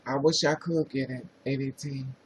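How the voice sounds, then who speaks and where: A man's voice: medium pitch, steady tone, moderate pace, a little hiss or hum, rough recording. A man with a New Jersey accent hosting a casual livestream, chatting sassily and greeting viewers by name. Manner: sassy, chatty, reads viewer names aloud. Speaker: livestream host.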